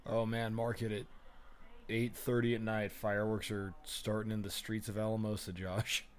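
A man's voice: fairly low pitch, level tone, moderate pace, slight background noise. A man co-hosting a casual movie watch-along podcast, making profane wisecracks about what is on screen. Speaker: podcast co-host.

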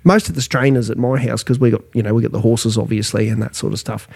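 A man's voice: medium pitch, steady tone, fast, gravelly, darkish tone, slightly rough. A middle-aged Australian man co-hosting a casual podcast, swearing freely and ranting in a blokey way. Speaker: podcast co-host. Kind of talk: casual pub banter.

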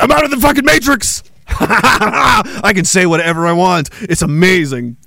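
A man's voice: high-pitched, normal speed, vocal fry, pushed and bright, slight background noise. A man hosting a podcast, delivering a heated, profane monologue with mocking sarcasm. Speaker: podcast host.

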